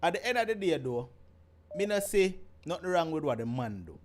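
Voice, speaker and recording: Jamaican male host, fairly high voice, playful and teasing, reads comments aloud. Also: very animated, a little fast. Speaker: host of a live call-in show. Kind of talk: casual live-stream chat.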